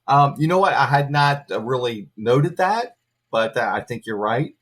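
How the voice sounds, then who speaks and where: A man speaking as a guest on a wrestling podcast, explaining things in a measured, informative way. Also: mid-range voice, lively intonation, a bit bright. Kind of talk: casual podcast chat.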